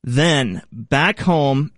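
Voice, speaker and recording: A man's voice: mid-range voice, very slow, a bit bright, no echo. A man hosting a sports show segment in a playful, upbeat way. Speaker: host.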